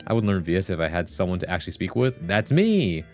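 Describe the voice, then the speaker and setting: A man's voice: low-pitched, very animated, fast talker, faint music behind. A man streaming live, chatting casually with his viewers in a rambling, jokey way and laughing often. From Vietnamese heritage. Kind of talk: casual livestream chat.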